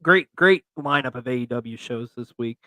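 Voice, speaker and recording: A man co-hosting a casual wrestling chat show, chatty and excitable. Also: mid-range voice, moderate pace, no echo. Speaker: co-host.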